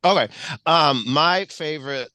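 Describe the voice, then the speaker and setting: A man's voice: fairly high pitch, a little slow, pushed and bright, dry recording. A man chatting casually about a film musical and quoting its lines in playful voices. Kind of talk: casual chat.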